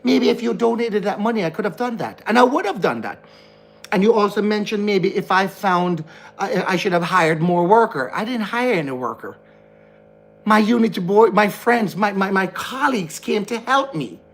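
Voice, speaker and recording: A man's voice: high-pitched, animated, normal speed, vocal fry. A man with a Jamaican accent, speaking to camera in a frustrated, ranting vlog, repeating himself as he talks indoors. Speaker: vlogger. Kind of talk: heated monologue to camera. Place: indoor room.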